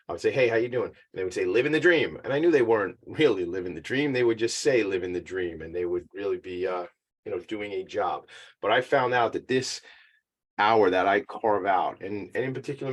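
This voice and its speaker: A man hosting a podcast from his home attic studio, chatty and upbeat, joking about himself, a bit out of breath. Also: lowish voice. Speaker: podcast host. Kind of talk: casual talk-show intro.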